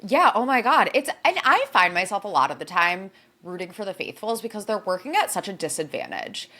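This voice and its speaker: A woman's voice: medium pitch, big pitch swings, brisk, bright, forceful tone. A woman co-hosting a podcast, chatting animatedly about reality TV and reading an ad. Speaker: podcast co-host. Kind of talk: casual chat and read ad.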